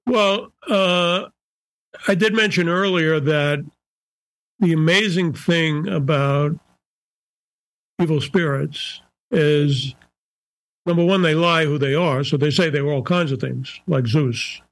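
A gravelly older man with a slightly raised pitch speaks as a psychiatrist guest on a podcast. He talks in a measured, searching way, circling back and restarting phrases as he explains. The recording is close and dry, with no room sound. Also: no room sound, poor audio. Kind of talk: conversational podcast interview.

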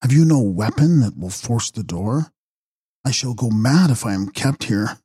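A man voicing an alarmed young gentleman in a dramatized audiobook reading, speaking urgently and anxiously. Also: mid-range voice, expressive, moderate pace, husky, dry recording, clean studio sound.

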